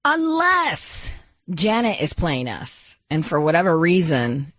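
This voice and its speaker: Female co-host, husky tone, lively pitch, dry skeptical quips. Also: slow pace, no echo. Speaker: radio co-host. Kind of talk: radio talk show chat.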